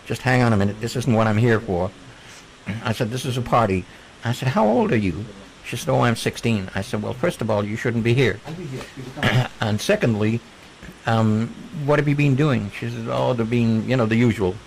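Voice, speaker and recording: A man's voice: mid-range voice, moderate pace, rough recording. Earnest man telling a story, faint hiss. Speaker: guest. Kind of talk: personal storytelling.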